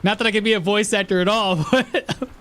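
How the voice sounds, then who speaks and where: A man giving casual, rambling gameplay commentary, chatty and quick to laugh, at a home setup. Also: high voice, fairly bright tone, a little hiss or hum. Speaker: gaming streamer.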